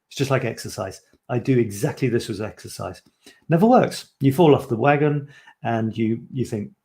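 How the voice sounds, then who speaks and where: Man, middle-aged, live-stream host, casual chat, reads his own writing aloud, rambling asides, self-mocking, mid-pitched voice. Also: normal speed, a little mellow. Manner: chatty and self-mocking, rambling asides, repeats phrases playfully.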